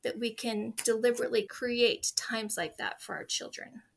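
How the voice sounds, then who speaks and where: A woman's voice: a little high, normal speed, creaky. A woman in her forties, a guest in an interview, telling earnest, heartfelt stories about her family. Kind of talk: interview conversation.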